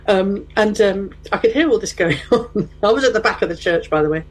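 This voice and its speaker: A middle-aged woman chats casually and tells a funny anecdote, animatedly acting out the people in it. Her medium-pitched voice runs a little fast with a breathy edge, and the audio is poor.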